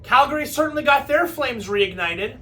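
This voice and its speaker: A woman's voice: high voice, expressive, normal speed, sharp tone. Fired-up woman ranting at her hockey team. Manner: impassioned, scolding, with profanity. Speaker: podcast host. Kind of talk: post-game fan rant.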